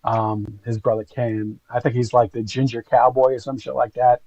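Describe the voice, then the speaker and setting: A man's voice: mid-range voice, flat delivery, normal speed, darkish tone, no room sound, muffled recording. A man giving casual, rambling, gossipy commentary to his stream viewers. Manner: rambling, gossipy, full of fillers.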